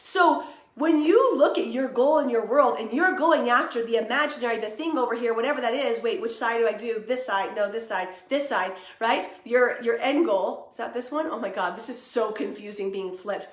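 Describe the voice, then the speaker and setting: A woman's voice: fairly high pitch, normal speed, roomy sound. A young woman hosting a casual motivational live stream, chatty and upbeat, greeting viewers by name. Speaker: live video host and coach.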